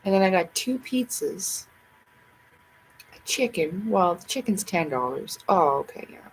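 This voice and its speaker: A woman's voice: lowish voice, animated, unhurried, a little hiss or hum, low-quality recording. A woman hosting a livestream, rambling casually to herself and her viewers in a chatty way. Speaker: livestream host.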